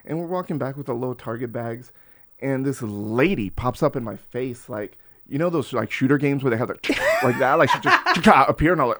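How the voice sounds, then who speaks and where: Profane, animated man in his forties. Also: medium pitch, a little fast. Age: 40s. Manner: animated, profane, acts out voices in his stories. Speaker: podcast guest. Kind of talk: casual storytelling.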